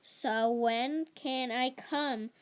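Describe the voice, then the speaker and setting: A woman's voice: sits high, fairly even intonation, clear, resonant tone. Woman reading as a hurt young girl. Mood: pressing. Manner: slow, halting read-aloud delivery. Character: hurt young girl pressing her mother.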